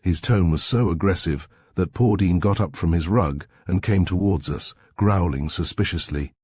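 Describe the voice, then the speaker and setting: A man reading a sleep story aloud in a calm, soft-spoken, measured way with a husky voice. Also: low voice, no room sound, studio quality.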